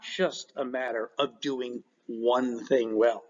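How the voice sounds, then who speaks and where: A man teaching a recorded class lecture in an animated way, with joking asides. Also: medium pitch, slow pace, few pauses. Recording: dull lo-fi recording.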